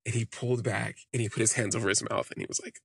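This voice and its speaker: A man's voice: lowish voice, fairly even intonation, fast, gravelly, breathy edge, no room sound, clean studio sound. A man hosting a podcast, telling a candid personal story in a rambling way full of "like" fillers. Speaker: podcast host.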